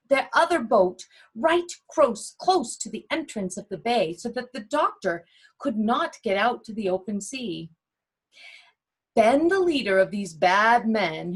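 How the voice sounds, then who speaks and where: A woman reading a children's story aloud as a storyteller, in an expressive, dramatic way. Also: fairly high pitch, slightly rough.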